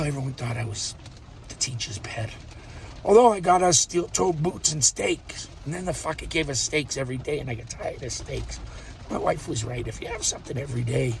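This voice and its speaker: A man's voice: on the high side, gravelly, noisy background. Rambling, swearing older man in a car. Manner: rambling, swearing, laughing to himself. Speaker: vlogger. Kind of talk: rambling casual monologue.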